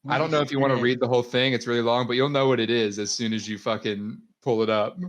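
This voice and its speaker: A man's voice: mid-range voice, steady tone, quick pace. A young man co-hosting a casual podcast, laughing often and reading out lines in a mock-dramatic way. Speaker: podcast co-host. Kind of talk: casual chat.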